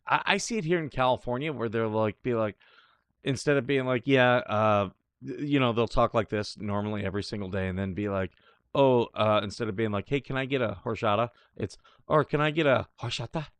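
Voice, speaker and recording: A man's voice: medium pitch, clean tone, no room sound. Sarcastic man hosting a talk show. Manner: scoffing, sarcastic remarks. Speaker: show host. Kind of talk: casual live commentary.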